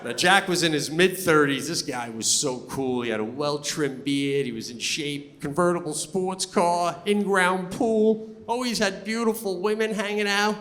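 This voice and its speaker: A middle-aged man tells stories in an animated stand-up set, sometimes bursting into loud shouts. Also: on the high side, big-room sound. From Long Island, New York. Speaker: comedian. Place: stage before a live audience.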